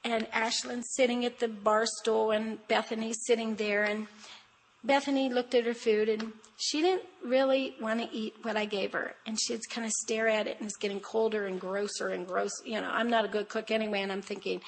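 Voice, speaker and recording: A woman's voice: a little high, level tone, normal speed, a little hiss or hum, low-quality recording. An older grandmother speaking as a guest at a women's conference, in a chatty, emphatic, sermon-style talk full of family anecdotes. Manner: chatty and emphatic, addressing the audience directly; homespun storytelling with family anecdotes.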